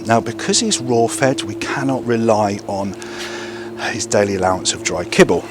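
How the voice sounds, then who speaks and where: A man's voice: fairly low pitch, normal speed, background noise. A man training a young gundog outdoors, explaining to camera between short bursts of praise and commands to the dog.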